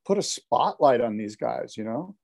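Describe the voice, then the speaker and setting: A man's voice: mid-range voice, lively intonation, normal speed, gravelly, a little mellow. A man co-hosting a casual podcast, talking enthusiastically in a loose, rambling way. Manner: enthusiastic, rambling, with frequent restarts and "you know". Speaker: podcast co-host.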